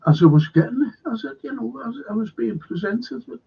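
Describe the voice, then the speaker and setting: A man's voice: very high-pitched, a little fast, gravelly, slightly rough, lo-fi sound. A man with a Liverpool accent hosting a rambling, opinionated monologue. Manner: rambling, opinionated, animated when quoting others. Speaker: host.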